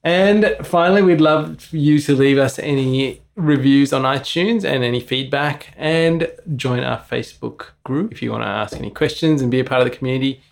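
A man co-hosting a podcast with a gravelly, creaky voice at a middling pitch. He briskly introduces each segment and chimes in with quick agreements. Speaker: podcast co-host. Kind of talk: casual podcast chat.

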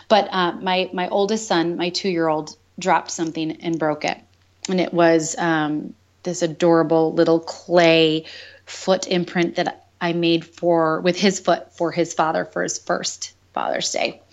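A woman guest on a podcast, candidly telling a painful personal story with earnest openness and the odd laugh. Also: on the low side. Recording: dull lo-fi sound.

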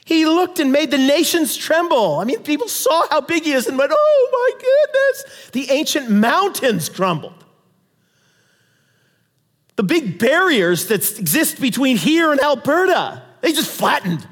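A man preaching a sermon in an animated, conversational way with dramatic Bible readings. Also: very high voice, unhurried, big-room sound.

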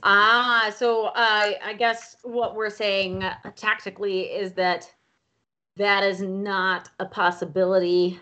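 A woman's voice: medium pitch, little pitch movement, takes it slowly, sharp tone, highs cut off. A woman player chatting casually at a tabletop game, bubbly and chatty.

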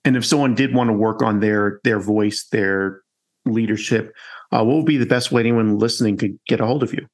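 Guy from new york hosting a podcast, low voice, talks fast, lots of "like". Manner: conversational, fast-talking, many fillers. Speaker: podcast host. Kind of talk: podcast interview.

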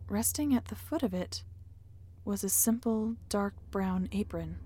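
A woman hosting a podcast, reading a scripted horror story in a steady, measured way. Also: medium pitch, slight background noise. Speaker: podcast host and narrator.

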